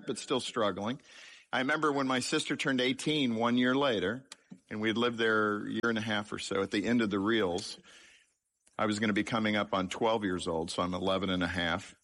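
A man's voice: lowish voice, a bit bright. A man giving a sermon-style testimony about his childhood, telling it with humour and poking fun at himself. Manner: humorous, self-deprecating storytelling. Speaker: speaker sharing his life story.

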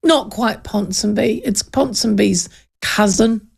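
Casting: New Zealand woman, radio host, gravelly edge, animated storyteller who does voices. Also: medium pitch, slow. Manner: lively, animated, acts out voices in anecdotes.

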